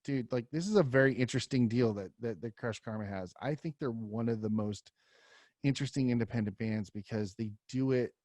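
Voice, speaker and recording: A male podcast host talks in a relaxed, rambling way, full of "um" and "like." His voice sits at an ordinary pitch. The mic is close and dry, with no room sound. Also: a little fast, dry recording. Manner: loose, rambling, lots of fillers. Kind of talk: casual podcast chat.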